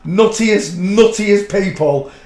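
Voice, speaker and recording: A man's voice: high voice, slow pace, a little mellow. Chatty man telling rambling stories. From a fishing town. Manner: rambling, colloquial anecdote-teller. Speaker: livestream host. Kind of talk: casual storytelling chat. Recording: roomy echo.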